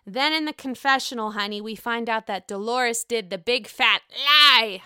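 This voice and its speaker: A talkative woman recaps reality TV episodes in a casual, profane way, calling the listener honey and bursting into excited asides. Her voice is bright, smooth and slightly high, recorded close and dry. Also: normal speed, few pauses, no echo. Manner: chatty, profane, calls viewer honey; excitable outbursts.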